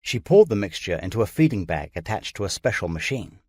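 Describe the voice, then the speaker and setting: A man narrating a true-crime audiobook in a measured, even storytelling manner. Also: on the low side, no echo, clean studio sound.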